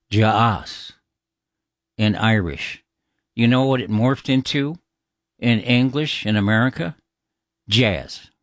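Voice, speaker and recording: A man's voice: mid-range voice, dry recording, clean studio sound. A man hosting a call-in radio talk show, chatting casually and explaining at an easy pace with plenty of fillers.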